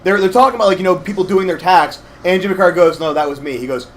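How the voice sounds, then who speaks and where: A young man co-hosting a game playthrough, rambling through animated stories with lots of fillers. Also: high-pitched, fast talker, slight background noise. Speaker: let's play co-host. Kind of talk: casual gaming chat.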